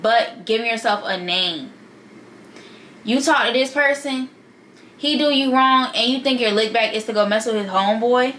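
Young woman vlogger, bright and a touch high, sassy and slangy, talks to camera. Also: a little hiss or hum, poor audio. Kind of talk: casual advice vlog.

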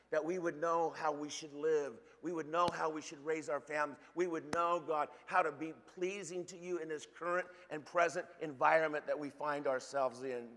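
A pastor preaching a sermon with fervent energy, often stumbling into repeated restarts. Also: male voice, on the high side, a bit bright, long reverb tail. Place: church sanctuary.

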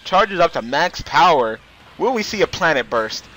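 Calling a fighting game match at normal speed, this excitable male commentator has a bright, forward voice whose pitch leaps around with the action. Between calls he chuckles and rambles.

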